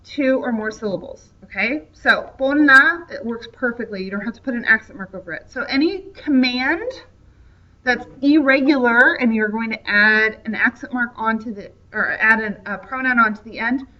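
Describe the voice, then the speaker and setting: A woman's voice: on the high side, moderate pace, sharp tone. A woman teaching a Spanish grammar lesson, patiently explaining and checking in with frequent "okay?". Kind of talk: classroom grammar lecture. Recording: dull distant lo-fi recording.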